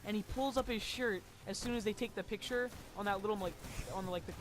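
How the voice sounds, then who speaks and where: A casual storyteller rambles through a story time over gameplay, leaning on constant fillers and dropping the odd swear word. The voice sits at a middling pitch, with a faint hiss of noise underneath. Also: fast.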